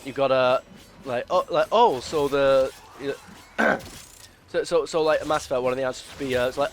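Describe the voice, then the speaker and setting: A man's voice: mid-range voice, fairly even intonation, normal speed, slight background noise. A man giving casual gameplay commentary, rambling and opinionated, full of restarts and filler words. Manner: opinionated, explains at length. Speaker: gaming video creator.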